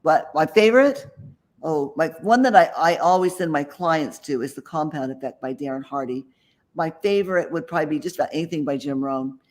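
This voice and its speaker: Chatty and self-assured, a man interviewed as an author and mentor rambles a little and restarts now and then. He speaks fairly quickly in a voice that is a little high.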